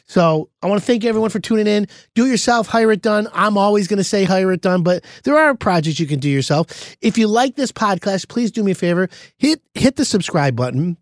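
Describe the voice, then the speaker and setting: A man hosting a casual podcast as a contractor, telling animated stories and giving plain advice. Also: high voice, brisk, few pauses, no room sound, studio quality. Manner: animated storytelling with laughs.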